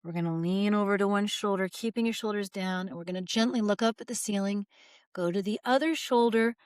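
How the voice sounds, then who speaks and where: A woman in her forties, a voice teacher, calmly guiding viewers through jaw and shoulder stretches. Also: mid-range voice, a little fast, smooth, no echo, studio quality. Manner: calm, guiding, gentle. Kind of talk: instructional video talk.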